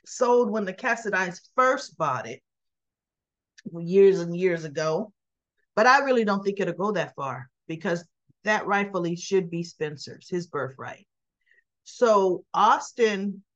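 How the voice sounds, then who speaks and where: A woman's voice: mid-range voice, lo-fi sound. A woman chatting casually as she recaps soap opera scenes, retelling dialogue and tossing in her own asides.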